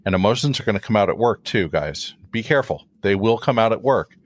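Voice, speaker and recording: A male host and addiction counselor chatting earnestly about recovery. His voice sits on the low side, and the recording is dry with no room sound. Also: fast, dry recording. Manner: earnest, animated, conversational. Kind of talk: casual interview.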